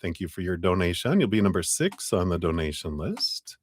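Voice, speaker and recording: Deep-voiced man hosting a chatty live stream. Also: sing-song, moderate pace, a little hiss or hum. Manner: chatty, greets viewers warmly, laughs often, drops into quiet asides. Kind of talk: casual live-stream chat.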